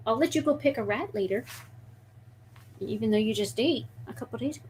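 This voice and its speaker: A woman chatting casually on a live stream while hushing and soothing a restless pet snake, describing it with lots of "like.". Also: a little high, lively intonation, fairly quick, long pauses, slight background noise. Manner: hushes and soothes a pet snake in soft murmurs. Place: at home at her desk.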